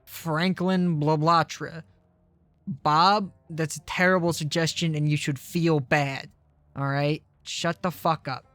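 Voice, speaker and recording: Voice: medium pitch, steady tone, unhurried, fairly bright tone, dry recording, faint music behind. A game streamer chatting casually with viewers, swearing often and rambling in a self-deprecating way. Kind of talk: casual live-stream chat while gaming.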